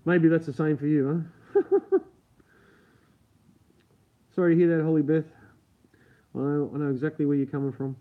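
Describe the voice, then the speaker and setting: Pausing often, an Australian livestream host chats casually with viewers in a steady tone at normal speed. His voice is on the high side, and he keeps it down late at night at home while swearing freely and laughing often. The recording sounds tinny, like a phone.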